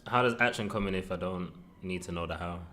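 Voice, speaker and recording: A man's voice: low voice, fast talker, bright, forceful tone, slight background noise. A young British man co-hosting a casual livestream, joking and reading out viewer questions.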